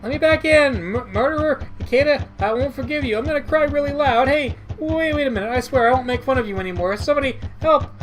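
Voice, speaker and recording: A man's voice: a little high, fairly quick, natural voice, poor audio. A man voicing a bratty, easily scared teenage girl assistant in a game, stammering and taunting. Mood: panicked.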